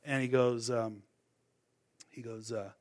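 A man's voice: mid-range voice, little pitch movement, slow pace. A middle-aged man preaching, telling his testimony in a casual, rambling way full of fillers and restarts. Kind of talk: sermon with personal testimony.

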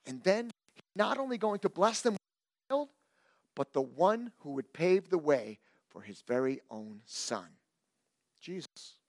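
A man's voice: on the high side, a little slow, long pauses, no room sound, studio quality. A male pastor preaching a sermon, reading scripture and adding playful asides. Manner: animated, playful asides, reads scripture aloud.

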